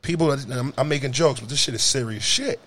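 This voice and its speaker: A young adult man telling a story in casual talk, animated and profane, jumping to high shouts. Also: fast, a little hiss or hum. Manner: animated, profane, jumps to high shouts when acting out scenes.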